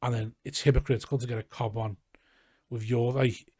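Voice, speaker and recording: A man's voice: mid-range voice, level tone, a little fast, mellow, no room sound, clean studio sound. A man from Liverpool with a Scouse accent, a comedian chatting casually as a podcast guest, rambling and swearing freely. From Liverpool, England. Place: garage studio.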